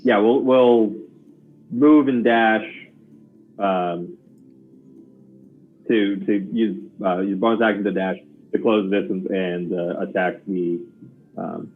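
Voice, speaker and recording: A man playing a tabletop game, talking in a halting way with restarts and laughing easily. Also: fairly low pitch, steady tone, narrow, tinny audio, faint music behind. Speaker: player.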